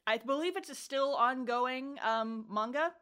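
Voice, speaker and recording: Woman, podcast co-host, casual chat, rambling, swears, laughs a lot, bright tone, fairly high voice. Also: measured pace, smooth.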